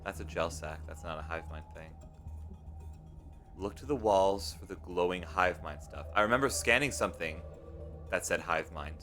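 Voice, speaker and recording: A man chatting casually while live streaming a video game, rambling and swinging between loud pleading and quiet mumbling. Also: low voice, moderate pace, over music.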